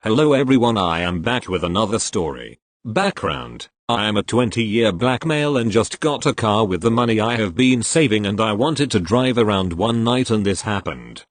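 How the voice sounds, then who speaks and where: A man's voice: lowish voice, animated, normal speed, hardly any pauses, dry recording. A man reading posts aloud one after another, going straight through each story. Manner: reads each post straight through, closing with "thank you, next". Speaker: reader of online posts.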